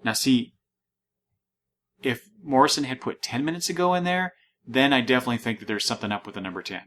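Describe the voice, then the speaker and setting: A man's voice: mid-range voice, fast talker, fairly bright tone, a little hiss or hum. A man in a mid-range voice hosts a comic book podcast. He meanders, restarts his sentences and reads the panels aloud. It sounds like casual, unscripted chat. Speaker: podcast host.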